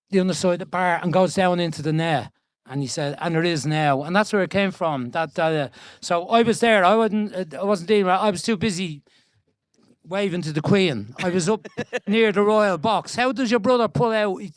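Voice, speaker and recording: This interview guest, a Dubliner in his seventies, speaks in a high voice while telling stories on an event stage in front of an audience. He is chatty and animated, with frequent restarts and bursts of laughter. The recording has no room sound.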